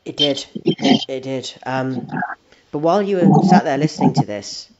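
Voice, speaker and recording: A man's voice: a little high, unhurried, crowd noise. A man co-hosting a comedy podcast, carrying on a silly story in a dry, hesitant way. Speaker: podcast co-host. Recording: dull lo-fi audio with faint noise.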